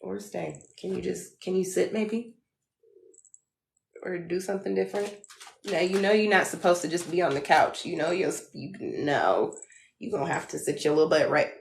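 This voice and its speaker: Chatty woman tarot reader live from home, slangy and blunt, gravelly lower voice, echoey room. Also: normal speed. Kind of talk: casual livestream talk.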